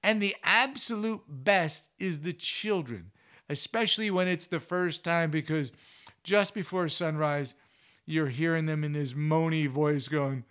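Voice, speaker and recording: A man's voice: a little high, unhurried. A man hosting an outdoor adventure show, telling stories in a chatty, rambling way. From United States. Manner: chatty, animated, rambling with restarts. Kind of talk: casual storytelling monologue.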